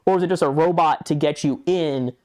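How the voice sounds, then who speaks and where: A man's voice: fairly high pitch, fairly quick, darkish tone. A young man co-hosting a podcast in casual chat, telling a rambling story, acting out chat messages and swearing often. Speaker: podcast co-host.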